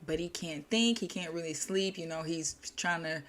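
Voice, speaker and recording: A woman's voice: fairly low pitch, moderate pace, fairly bright tone. Chatty woman retelling a story. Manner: loose, chatty retelling with restarts and slang. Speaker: storyteller and channel host.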